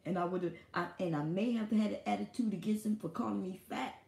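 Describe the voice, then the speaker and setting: A woman's voice: mid-range voice, fast, gravelly, mellow, echoey room. A woman hosting a live stream, talking in a casual, blunt and profane monologue.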